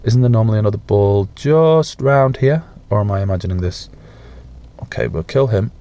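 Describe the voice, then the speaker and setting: A young man with a lowish voice, chatting through a survival game in a loose, self-mocking way. He swears casually, second-guesses his own plans out loud and throws in silly sound effects. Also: moderate pace. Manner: makes playful sound effects and coos at pets. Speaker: gaming YouTuber. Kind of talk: casual gameplay commentary.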